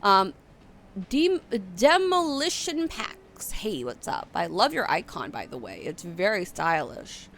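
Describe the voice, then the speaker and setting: A woman's voice: mid-range voice, very animated, slow pace, gravelly, a bit bright, slight background noise. A woman in her late twenties rambling casually on a live stream, reading out chat messages and answering them. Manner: rambling, chatty, reads chat aloud.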